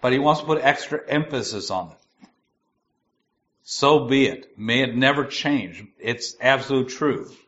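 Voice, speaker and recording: A man giving a sermon. He reads scripture slowly and stresses its key words. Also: mid-range voice, lively intonation, fairly bright tone, highs cut off. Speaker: preacher.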